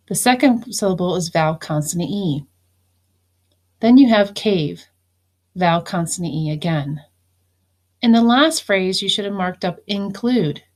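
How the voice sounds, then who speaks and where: In a recorded phonics lesson, a woman teacher with an ordinary-pitched voice addresses her students. She dictates phrases slowly and deliberately, then walks them through marking each syllable.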